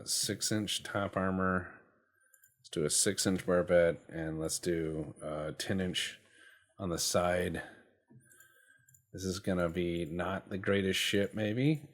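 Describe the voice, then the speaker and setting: A man hosting casual gameplay commentary, rambling and joking, and swearing freely as he goes. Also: deep voice. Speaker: gaming channel host.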